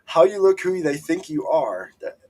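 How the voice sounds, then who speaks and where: A man co-hosting a live sales show who chimes in with earnest agreement. His voice is fairly high and husky, and he talks in a casual way. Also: very animated, normal speed, mellow. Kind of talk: casual live-stream chat.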